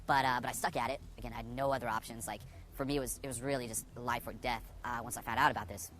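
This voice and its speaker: A man's voice: mid-range voice, fairly even intonation, quick pace, a bit bright. A young man, a dating coach, telling his personal story to the camera in a candid way, full of swearing and "you know" fillers.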